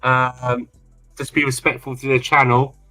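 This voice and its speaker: A man's voice: medium pitch, flat delivery, measured pace, bright, forceful tone, faint music behind. A man from England, co-hosting a livestream in rambling, casual chat and repeating himself often. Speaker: livestream co-host.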